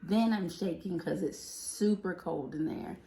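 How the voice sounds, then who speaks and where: A woman's voice: fairly low pitch, measured pace, warm tone. A young woman casually telling the story of her baby's birth, laughing often as she talks. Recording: echoey room.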